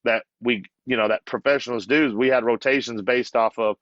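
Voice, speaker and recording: A man in a podcast interview, a basketball coach telling a story with animation, often laughing and acting out what others told him. His voice sits at an ordinary middle pitch. The recording sounds a little muffled and dry. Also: fairly even intonation, fairly quick, fairly bright tone, no echo. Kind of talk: casual storytelling.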